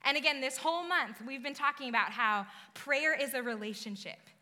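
Bright-voiced woman preaching in an echoing hall. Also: high voice, a little fast. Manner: conversational and emphatic, rising to bursts of intensity. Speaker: pastor. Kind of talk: sermon. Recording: long reverb of a large hall.

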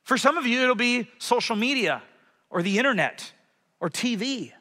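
A man preaching a sermon as a pastor in a church, animated, swinging from loud passages to hushed ones. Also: extremely high pitch, moderate pace. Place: church sanctuary. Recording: hall reverb.

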